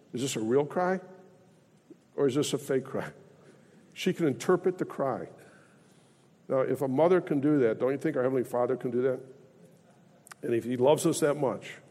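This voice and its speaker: A man's voice: mid-range voice, dark tone. A man preaching a sermon as pastor, earnest and rising in emphasis when he reads scripture. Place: church sanctuary. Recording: long reverb of a church hall.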